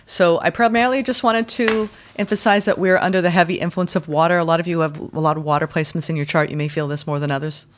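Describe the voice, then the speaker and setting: A woman giving a guided tarot and astrology reading in a gentle, soothing way, speaking in slow, deliberate phrases. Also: lowish voice, steady tone. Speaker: tarot reader.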